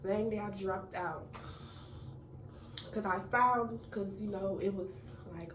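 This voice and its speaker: A woman's voice: medium pitch, steady tone, measured pace. An eighteen-year-old woman telling a casual storytime, chatty and full of fillers, talking straight to her viewers. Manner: chatty, filler-heavy, addresses viewers as y'all. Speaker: vlogger. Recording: echoey room, mic at a distance, noisy.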